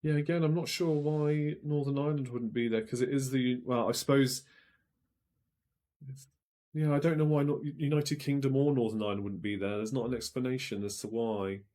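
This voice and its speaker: A man's voice: medium pitch, steady tone, normal speed, warm tone. A man hosting a live-streamed quiz, chatting as he reads out viewers' guesses and checks them aloud. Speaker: quiz show host.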